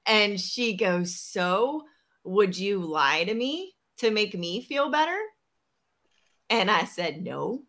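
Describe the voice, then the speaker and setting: Female podcast host, unhurried delivery, bright voice, lively storyteller who voices the people in her story. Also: medium pitch. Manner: animated, acts out quoted dialogue. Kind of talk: storytelling in casual chat.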